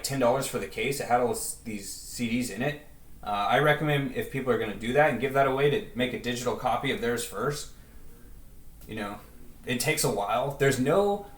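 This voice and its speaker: A man's voice: medium pitch, recorded from a distance. Rambling man in a roomy bedroom. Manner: rambling, self-deprecating. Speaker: video creator. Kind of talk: casual rambling vlog chat. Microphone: headset. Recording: roomy echo.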